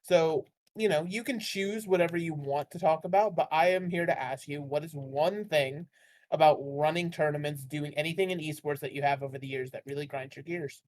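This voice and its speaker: A man's voice: on the high side, fairly quick. A man hosting a casual podcast interview, asking questions in an easygoing, joking way. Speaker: podcast host.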